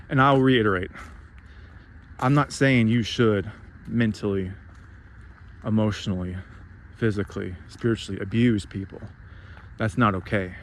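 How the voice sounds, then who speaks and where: A man's voice: lowish voice, a little hiss or hum. A man giving a heated, profane spiritual rant, sarcastic and emphatic, who swears freely. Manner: sarcastic, mocks others in put-on voices. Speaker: spiritual vlogger.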